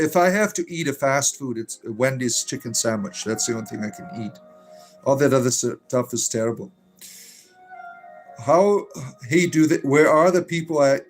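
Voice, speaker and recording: Faint music plays behind a man in a mid-range voice as he runs a casual livestream. Reading chat messages aloud, he rambles irreverently with plenty of swearing and fillers, at times wandering away from the mic.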